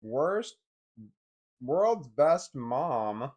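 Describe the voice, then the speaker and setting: A man's voice: mid-range voice, sing-song, drawn-out words, darkish tone, husky. A man rambling and swearing as he fumbles with zooming a picture on his computer, thinking aloud to viewers. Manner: rambling, swears often, frustrated muttering. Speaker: vlogger. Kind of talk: casual screen-share commentary.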